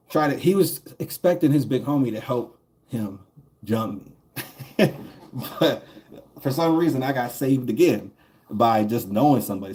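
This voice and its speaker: A man's voice: medium pitch, mellow. A man streaming a game and telling a long, rambling story in casual chat. He swears a lot and often chuckles as he talks. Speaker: gaming streamer.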